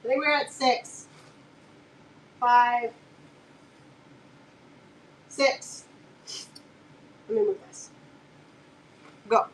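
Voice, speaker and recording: A woman's voice: a little high, fairly bright tone. A woman selling fabric on a casual live stream, chatty and joking, laughing often and talking aside to her dog.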